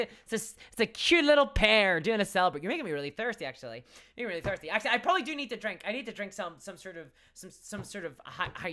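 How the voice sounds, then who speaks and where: A woman with a softened Northern Irish accent, chatting casually on a livestream, reading out viewer comments with frequent restarts and laughs. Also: mid-range voice. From Northern Ireland. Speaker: streamer.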